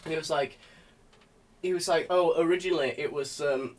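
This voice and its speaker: A man's voice: fairly high pitch, normal speed. A man in casual podcast chat, telling a dream story animatedly, swearing and laughing as he goes. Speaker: podcast co-host.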